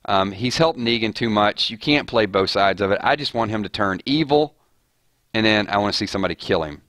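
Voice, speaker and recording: A man's voice: fairly low pitch, animated, brisk, a bit bright, no room sound. A man hosting a casual live stream about a TV series, talking in a rambling way with frequent restarts and filler words.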